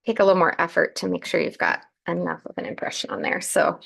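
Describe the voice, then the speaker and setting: A woman's voice: fairly low pitch, steady tone, fast talker, vocal fry, fairly bright tone, husky. A woman hosting a live crafting demonstration, chatting through each step as she works, with a groggy morning voice. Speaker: craft show host.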